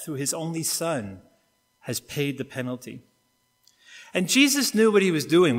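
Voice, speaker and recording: A middle-aged Canadian man preaching a sermon, telling a story and acting out the quotes, getting suddenly quieter or louder and faster or slower. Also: fairly high pitch. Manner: storytelling with acted-out quotes, wide swings in loudness and pace. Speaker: pastor. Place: church sanctuary. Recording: long reverb of a church hall.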